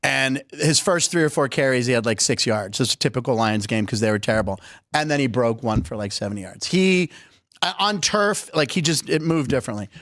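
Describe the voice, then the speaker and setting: A man's voice: mid-range voice, a little fast, no echo, studio quality. A middle-aged man hosting a sports show, telling stories in a chatty, joking way. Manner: chatty, jokey, animated storytelling. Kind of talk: casual sports talk.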